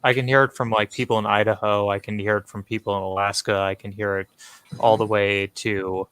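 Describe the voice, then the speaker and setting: A man with a Midwestern American accent, co-hosting a casual podcast chat and explaining his points in measured lists. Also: lowish voice, flat delivery, a bit bright, clean tone, dry recording.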